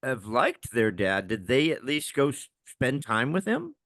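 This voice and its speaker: A man's voice: medium pitch, sing-song, unhurried, fairly bright tone, no echo, studio quality. A man hosting a podcast, chatting casually with a guest and chuckling as he talks. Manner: chuckles while talking. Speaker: podcast host. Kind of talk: casual conversational interview.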